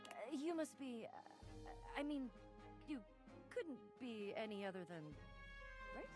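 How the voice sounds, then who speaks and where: A woman's voice: on the high side, animated, slow pace. A woman voicing an earnest female adventurer in a studio game who speaks grandly and formally, stumbling over her words. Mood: flustered. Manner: grandly formal, flustered and stammering. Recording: game audio with music behind.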